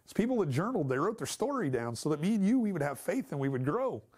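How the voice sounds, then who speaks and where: A man's voice: fairly high pitch, big pitch swings, fast talker, darkish tone, breathy edge. Emphatic man teaching a Bible class. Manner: conversational and emphatic, asks the class questions.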